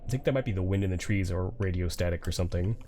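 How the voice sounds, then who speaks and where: A man's voice: deep voice, rapid-fire, dark tone, a little hiss or hum. A man streaming a horror game with casual commentary, joking and swearing, with jumpy reactions to scares.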